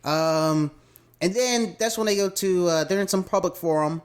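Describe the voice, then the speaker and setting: A man's voice: sits high, moderate pace, clean tone. A man from the American South co-hosting a podcast, chatting casually and slangily about an anime episode and acting out the characters' lines. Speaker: podcast co-host. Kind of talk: casual anime review chat.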